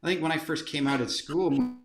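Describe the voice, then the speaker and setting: A company chief executive, appearing as an interview guest, tells animated career stories packed with fillers and restarts. His voice is a little high and brisk, with a roomy sound.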